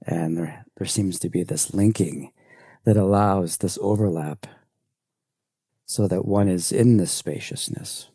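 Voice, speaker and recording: A man, an elder of a spiritual community, slowly recounts a spiritual experience in a reflective group sharing, with halting restarts. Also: low voice, warm tone, husky, no echo. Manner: slow, searching, halting restarts.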